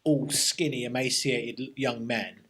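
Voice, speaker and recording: Army veteran, reflective storyteller. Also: male voice, mid-range voice, fairly even intonation, a bit bright, slight background noise. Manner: reflective, army slang, halting restarts. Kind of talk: casual interview storytelling.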